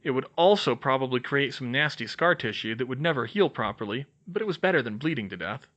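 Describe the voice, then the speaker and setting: Male audiobook narrator, lively intonation, expressive. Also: mid-range voice, quick pace, lo-fi sound. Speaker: audiobook reader. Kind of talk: fan fiction audiobook narration.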